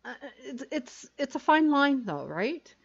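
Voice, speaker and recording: A woman's voice: high-pitched, very animated, unhurried, gravelly, muffled recording. A woman who writes erotica, talking frankly and animatedly as a podcast guest, with many fillers. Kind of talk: casual podcast chat.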